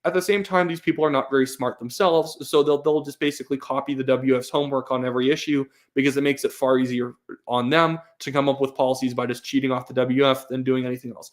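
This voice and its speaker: A man's voice: mid-range voice, steady tone, fast talker. A young man hosting a live stream, reading chat questions aloud and giving his opinions with many fillers and restarts. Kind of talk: casual live-stream commentary.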